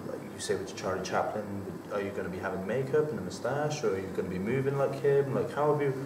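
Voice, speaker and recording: A man asks interview questions in a quick, chatty way, his voice a little low. He is heard from a distance in an echoey room. Faint noise sits underneath.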